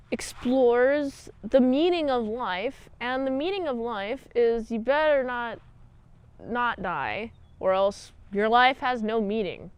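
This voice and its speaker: A woman's voice: fairly high pitch, clean tone, no echo. A woman hosting a casual recap and review, rambling and jokey with lots of asides and "like"s. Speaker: show host, episode reviewer.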